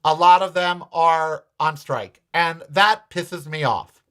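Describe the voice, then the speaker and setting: A man's voice: fairly high pitch, takes it slowly, pushed and bright, smooth. An American man hosting a show, telling a personal story and ranting bluntly with profanity. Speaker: host. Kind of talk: opinionated monologue.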